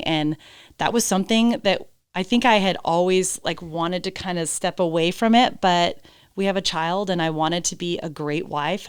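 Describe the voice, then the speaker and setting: A woman's voice: fairly low pitch, clean tone, no room sound, clean studio sound. A woman guest on a podcast, a horse trainer telling her story candidly, with emphatic, blunt phrasing and casual swearing. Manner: acts out quoted dialogue.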